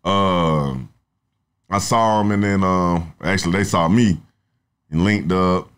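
A young adult songwriter in casual podcast talk, rambling through stories with plenty of profanity. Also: male voice, deep voice, slow pace, clear, resonant tone. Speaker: songwriter guest.

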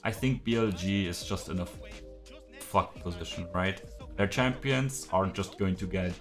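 A man's voice: deep voice, normal speed, over music. A man reacting live to an esports match, frustrated, swearing, ranting with lots of fillers. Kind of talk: live game reaction commentary.

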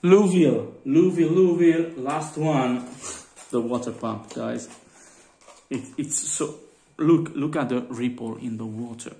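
A man, chatting casually in a collector vlog, halting with many fillers and calling his viewers guys. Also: medium pitch, gravelly, a little mellow. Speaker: vlogger. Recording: roomy with faint background noise.

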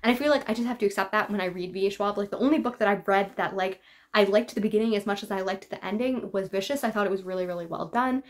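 A chatty woman talking through her latest book haul in a loose, casual way. She leans on filler words constantly and drops in quick laughing asides. Her voice sits at an ordinary middle pitch for a woman. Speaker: book vlogger.

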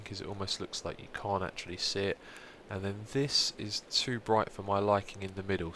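A young man in groggy morning voice, calmly narrating his building work in a casual gameplay commentary with frequent ums. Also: fairly low pitch, slight background noise. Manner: steady, explanatory, frequent ums. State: groggy morning voice, deeper than usual. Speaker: let's play host.

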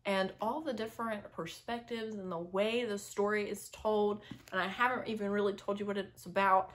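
A woman's voice: medium pitch, steady tone, moderate pace, a little hiss or hum. A young woman in a casual vlog, gushing about favorites with lots of ums and little laughs. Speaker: book vlogger. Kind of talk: casual chat.

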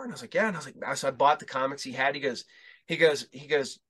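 A man's voice: on the high side, fast, pushed and bright, husky. A male podcast host telling rambling, profane stories in casual chat, acting out the dialogue as he goes.

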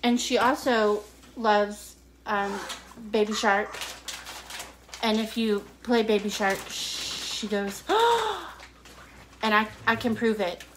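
A woman's voice: mid-range voice, level tone, slow pace, background noise. A woman hosting a home cooking show, talking in a casual, playful, teasing way from her kitchen. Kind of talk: casual joking chat.

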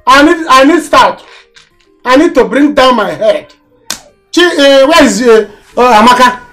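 An actor with a Nigerian accent playing a stingy, boastful older brother who mocks and orders people about. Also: male voice, extremely high pitch, lively intonation, a little slow, a bit bright, faint music behind, heavily acted. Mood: mocking. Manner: mocking, boastful, mixes Igbo and Yoruba phrases. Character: boastful, stingy male moneyed big brother. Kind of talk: Nollywood film acting.

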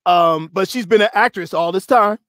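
A male host in casual discussion, animated, laughing often and drawing out quoted words slowly for emphasis. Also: high voice, no room sound, clean studio sound.

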